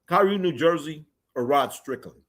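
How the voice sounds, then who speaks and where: A man hosting a casual sports livestream, joking and chatting loosely while reading live comments, with sudden animated bursts. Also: a little high, moderate pace, background noise.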